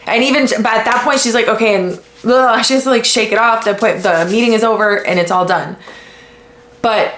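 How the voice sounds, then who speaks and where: A woman from the United States hosting a podcast, talking in a blunt, casual way with lots of swearing and animated retellings. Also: a little high, brisk. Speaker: podcast host. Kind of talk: casual commentary. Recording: echoey room.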